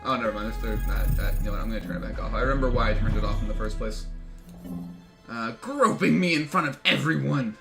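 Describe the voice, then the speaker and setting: A man streaming a game, reading its story text aloud in an excitable way, often swearing and laughing. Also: medium pitch, fast talker, gravelly, over music.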